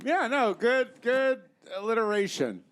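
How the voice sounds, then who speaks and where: High-voiced sassy panelist man. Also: expressive, unhurried, a bit bright. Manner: sassy, teasing. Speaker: comedian panelist. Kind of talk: comedy panel banter.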